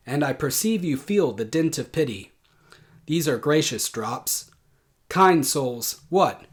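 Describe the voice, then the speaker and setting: A man's voice: on the high side, close to an everyday voice. A man reading Mark Antony, solemn Roman orator. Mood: grieving. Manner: declaiming, measured and solemn. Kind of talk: dramatic Shakespeare recitation.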